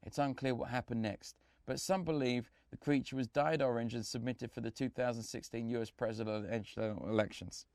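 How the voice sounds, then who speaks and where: A man hosting a comedy web show, reading jokey scripted bits in a deadpan way and bantering with his crew. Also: mid-range voice, normal speed, few pauses, no room sound. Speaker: host.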